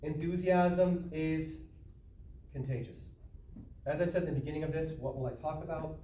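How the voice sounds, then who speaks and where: A workshop presenter with a slightly high, dark voice and fairly even intonation gives a speaking-skills training talk to a small group at a moderate pace. He's conversational and jokes around but stays earnest. The recording sounds distant and echoey, with background noise.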